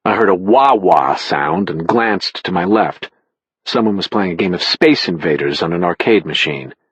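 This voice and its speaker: A man narrating an audiobook in the first person with a wry, expressive delivery. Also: low-pitched, husky, dry recording, low-quality recording.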